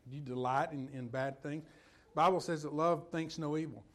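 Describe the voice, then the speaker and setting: A man's voice: a little high, steady tone, moderate pace, a bit bright. A man preaching a sermon in a folksy, conversational way, telling personal stories and putting questions to his listeners.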